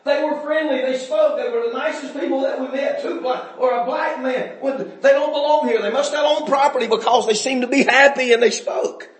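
A preacher with a high-pitched voice delivers a folksy sermon, chuckling between points and building up to shouts. His voice rings around an echoey church sanctuary. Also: steady tone, fairly quick, hardly any pauses. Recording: echoey room.

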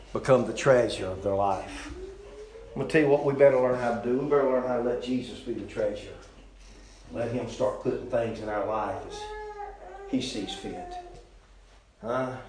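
A middle-aged man preaching a sermon, swinging between loud, climbing declarations and quiet, joking asides. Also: medium pitch, roomy sound, rough recording. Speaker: pastor.

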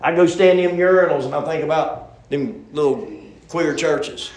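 A pastor preaches in a church, his voice slightly raised in pitch. He rambles and circles back in a folksy way. The church room echoes around him, with faint noise underneath. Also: normal speed, a little mellow. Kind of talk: sermon. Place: church sanctuary.

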